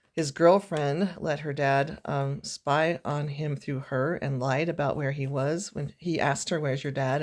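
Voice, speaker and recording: A woman's voice: low-pitched, a little mellow. A woman teacher giving a casual, chatty recorded lesson recap, talking informally with lots of fillers and self-corrections.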